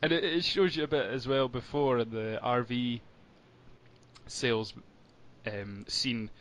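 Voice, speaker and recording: A man in casual podcast chat at a mid-range pitch, chuckling often as he tells stories in a loose, rambling way. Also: steady tone, a little slow, a bit bright. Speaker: podcast co-host.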